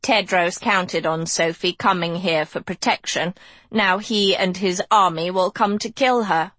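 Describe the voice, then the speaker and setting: A woman's voice: on the low side, fairly bright tone, no echo. Woman doing a menacing, snarling female teacher. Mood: cold. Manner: slow, slashing, snarling delivery. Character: stern, menacing female teacher, coldly cutting.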